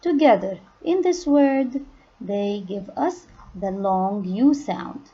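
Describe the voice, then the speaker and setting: A woman teaching a phonics lesson to young children, speaking patiently and stressing each target word loudly. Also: medium pitch, animated, slow pace, husky, muffled recording. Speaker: kindergarten English teacher.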